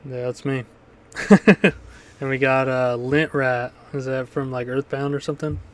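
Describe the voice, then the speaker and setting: Laid-back male podcast co-host, monotone delivery, smooth clear voice. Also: mid-range voice, measured pace. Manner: laid-back, laughs often. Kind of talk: casual chat.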